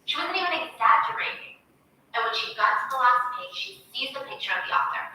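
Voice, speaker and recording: A woman tells a story in a casual, gossipy way, dropping "like" and "you know" as she goes. Her voice is high and very bright. She sits back from the mic in a strongly echoing room with a faint hiss underneath. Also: lively intonation, fast talker. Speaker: vlogger. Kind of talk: casual storytelling retelling a plot. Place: room at home, working at a table. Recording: echoey room, distant mic, faint noise.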